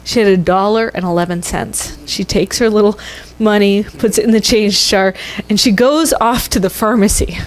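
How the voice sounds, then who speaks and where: A woman minister telling a story in a sermon, conversational and expressive. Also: mid-range voice, normal speed. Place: church sanctuary.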